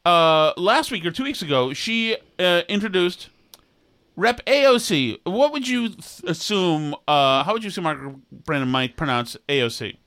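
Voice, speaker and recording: A man's voice: high-pitched, expressive, moderate pace, fairly bright tone. A man co-hosting a podcast in casual comedic chat, sarcastic and incredulous as he riffs. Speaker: podcast co-host.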